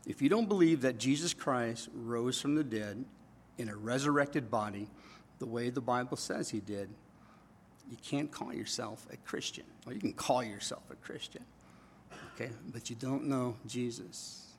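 Guy pastor preaching in church, chatty with the crowd, goes from punchy loud bits to low quiet asides. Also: normal speed, a little hiss or hum. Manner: conversational, checks in with the congregation; swings between loud emphatic bursts and quiet low asides. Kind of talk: sermon. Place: church before a congregation.

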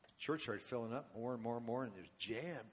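A man's voice: medium pitch, a little fast. A man in his seventies, a worship leader speaking to a church congregation, telling a long story with casual asides. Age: 70s. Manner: rambling and conversational, asides to the congregation. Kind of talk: storytelling sermon.

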